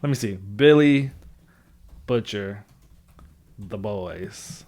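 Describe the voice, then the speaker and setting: A man's voice: fairly low pitch, drawn-out words, slight background noise. A man co-hosting a podcast, chatting casually and thinking aloud, with the odd curse. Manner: animated, swearing, thinks aloud. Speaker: podcast co-host. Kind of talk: casual chat.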